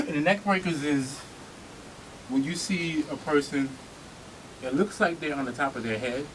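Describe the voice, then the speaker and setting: This man's voice sits fairly high, and he talks at a moderate pace while demonstrating in a vogue class. The studio has music playing behind him along with background noise, and he stays casual and slightly out of breath as he checks in with his students.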